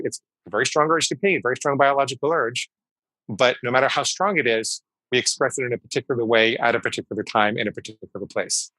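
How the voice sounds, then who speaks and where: Bright-voiced man in his fifties, emphatic. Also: mid-range voice, no room sound, poor audio. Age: 50s. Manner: emphatic, explanatory, repeats key phrases. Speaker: guest psychologist. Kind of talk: conversational interview storytelling.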